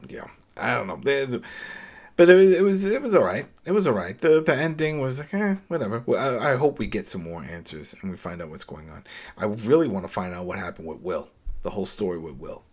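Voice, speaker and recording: Man, fairly low voice, casual podcast chat, animated, rhetorical questions, laughs easily. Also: brisk, husky. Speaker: podcast co-host. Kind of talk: casual episode recap chat.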